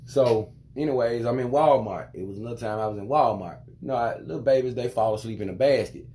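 Mid-pitched man, casual vlogger father, animated profane rant. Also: fast. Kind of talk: casual storytelling monologue.

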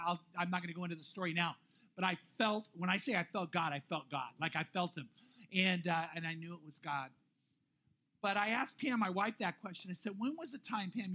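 A middle-aged male pastor tells a personal story from the pulpit. His voice sits high, and he talks in a lively, animated way, stumbling over restarts and breaking into self-deprecating laughs. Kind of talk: sermon storytelling.

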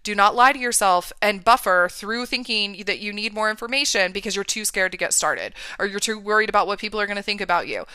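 A woman's voice: mid-range voice, fast talker, hardly any pauses, pushed and bright, clear, resonant tone, no room sound, studio quality. A woman coach giving an emphatic motivational talk, often checking in with "right?" and "okay". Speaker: mindset and business coach for women.

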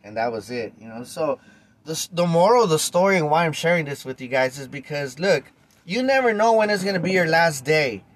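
A man, hosting a podcast and telling a story straight to his listeners in a loose, animated way with casual swearing. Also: fairly high pitch, fairly quick. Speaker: podcast host.

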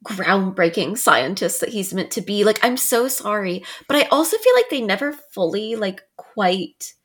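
A woman hosting a casual film podcast, talking in an animated way with sarcastic asides and frequent laughter. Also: mid-range voice, moderate pace, husky. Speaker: podcast host. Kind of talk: casual film review chat.

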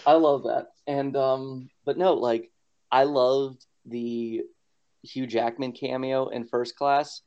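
A man's voice: medium pitch, steady tone, very slow, long pauses. A man co-hosting a podcast in casual chat, rambling with lots of fillers and frequent laughs. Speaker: podcast co-host. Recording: dull lo-fi podcast audio.

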